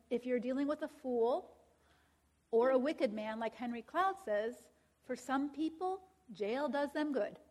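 A woman teaching a Christian counseling class in a conversational way, often checking in with the audience and quoting scripture aloud. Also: a little high. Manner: conversational, checks in with "all right?" and "right?".

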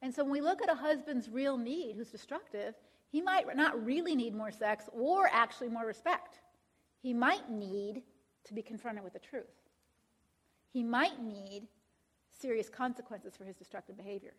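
A woman's voice: a little high, expressive, moderate pace, slightly rough. A woman teaching a Christian counseling class in a conversational way, often checking in with the audience and quoting scripture aloud. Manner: conversational, checks in with "all right?" and "right?".

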